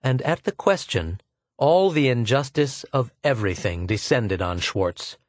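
A man's voice: mid-range voice, lively intonation, a little slow, no echo. Man narrating an audiobook, dry sound. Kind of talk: scripted narration.

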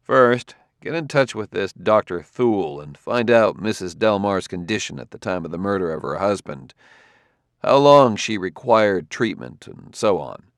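A man's voice: on the low side, animated, normal speed, no room sound, clean studio sound. A male audiobook reader voicing a stern, tired middle-aged detective who reasons tersely. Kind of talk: audiobook character voice.

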